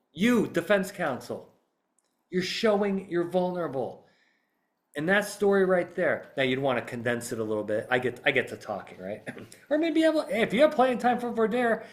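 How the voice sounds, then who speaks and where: Animated middle-aged man telling a story. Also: high voice. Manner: storytelling, animated, addresses imagined jurors. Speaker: trial consultant. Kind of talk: podcast talk acting out a voir dire example.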